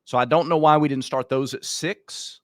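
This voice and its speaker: Man, raspy voice, casual sports talk co-host, dry close sound. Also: on the high side, steady tone, moderate pace, a bit bright, dry recording. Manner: apologetic, venting.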